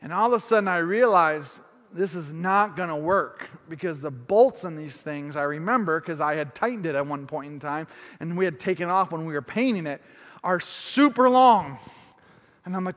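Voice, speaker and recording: Male pastor, high voice, lively sermon storyteller, echoing church hall. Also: normal speed. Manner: animated, self-deprecating humor, acts out his own thoughts.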